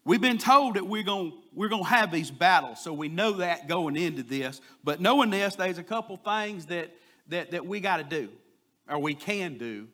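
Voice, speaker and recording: A man delivers a sermon in a folksy, storytelling manner. His voice sits a little high and rings bright and forceful. He swells louder whenever he drives a point home. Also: lively intonation, normal speed. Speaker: preacher.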